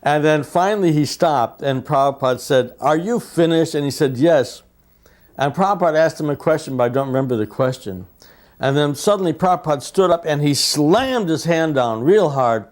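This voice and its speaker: A man telling anecdotes in a lively way, acting out the quotes he recalls. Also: on the high side, normal speed. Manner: lively storyteller, acts out quotes. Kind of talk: anecdotal storytelling.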